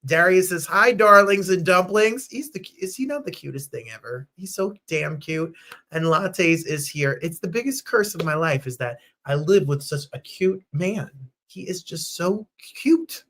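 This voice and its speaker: Bubbly high-voiced gushing male host. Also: animated, a little slow, sharp tone. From New Jersey. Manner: bubbly, gushing, bursts into falsetto squeals and snatches of song. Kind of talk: lively live-stream chat show.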